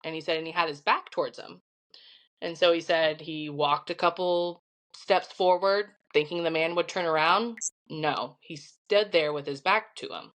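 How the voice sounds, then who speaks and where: A middle-aged woman with a Midwestern American accent, a podcast guest telling a story in an animated, chatty way. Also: deep voice, normal speed. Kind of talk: casual storytelling.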